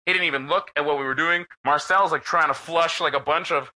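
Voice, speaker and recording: A man's voice: a little high, brisk, poor audio. A middle-aged man co-hosting a podcast, telling a rowdy story in a loose, profane, laughing way. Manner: animated, profane, laughs while telling stories. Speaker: podcast co-host. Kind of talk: casual storytelling chat.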